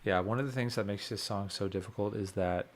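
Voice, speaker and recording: A young man with a fairly low voice talks casually to his stream while he works on a track. He thinks out loud and keeps questioning himself as he goes. Faint background noise sits under his voice. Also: a little fast. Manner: thinking aloud, self-questioning. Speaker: music producer live-streaming. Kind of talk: casual livestream commentary.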